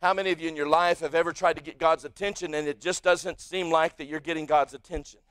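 A male pastor with an American accent preaching a sermon in a church, swinging from quiet asides to shouted peaks. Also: fairly high pitch, steady tone, fast talker, clear, resonant tone, no room sound. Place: church sanctuary.

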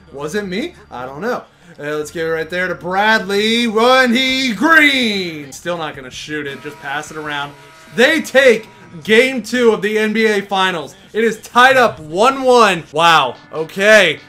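Young male gaming host with a high, bright voice; excitable play-by-play of his own match. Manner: excitable, shouts at big plays, groans at misses. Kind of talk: live gameplay commentary.

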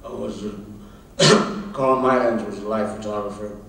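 An older man from Kansas, a film director and author, tells anecdotes on stage in a halting way, repeating words and acting out the people in his dialogue. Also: lowish voice, steady tone, vocal fry, a bit bright. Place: large hall at a public event. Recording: echoey hall, distant mic, faint noise.

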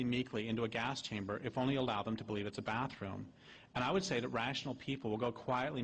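A man giving a public talk as an activist speaker, wry and impassioned, drifting into anecdotes between sharp points. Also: mid-range voice, long reverb tail, a little hiss or hum. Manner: wry, impassioned, digressive storytelling.

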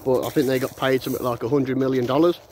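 A man's voice: medium pitch, steady tone, quick pace, a little mellow, a little hiss or hum. A man ranting bluntly and ramblingly in a casual monologue, with restarts and chuckles, while walking a dog through the countryside and recording on a phone held in his hand. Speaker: vlogger.

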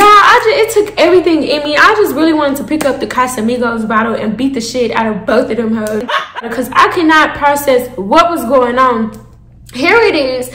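A young woman telling a storytime to her viewers, animated and profane, calling them y'all. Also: sits high, moderate pace, roomy sound. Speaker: storytime vlogger. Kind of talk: casual storytime.

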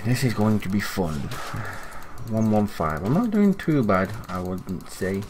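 A young man chatting casually as he commentates his own online game, self-critical and excitable at times. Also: on the low side, unhurried, background noise. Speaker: gaming commentator.

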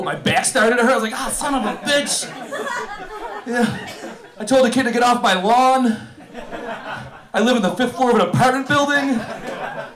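A man in his thirties working a comedy crowd with a notably high voice. He rattles through loose, self-mocking bits, swearing freely as he spins each story. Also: fairly bright tone. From Buffalo, New York. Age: 30s. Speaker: stand-up comedian. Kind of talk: stand-up comedy set. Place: comedy venue with live audience.

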